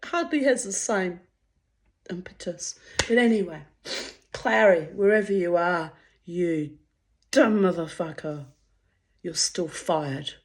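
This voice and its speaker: A woman's voice: lowish voice, takes it slowly, pauses often. Blunt, profane woman storyteller. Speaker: vlogger. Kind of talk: casual storytelling monologue.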